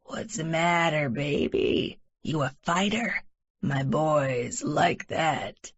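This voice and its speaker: A leering, drunken older man slurs his threats in a low, growling drawl, as a woman narrator puts him on. The audiobook delivery stays slow and heavy, and the recording sounds slightly muffled and lo-fi. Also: husky, exaggerated voice. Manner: slurred, menacing, growling. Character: drunk leering older male train creep.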